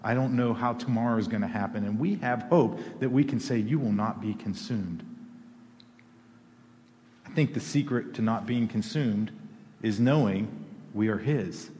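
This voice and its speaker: A man's voice: mid-range voice, normal speed, a little mellow, a little hiss or hum. Man preaching in a reverberant church hall. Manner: conversational, rising to emphatic peaks. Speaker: pastor. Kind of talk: sermon.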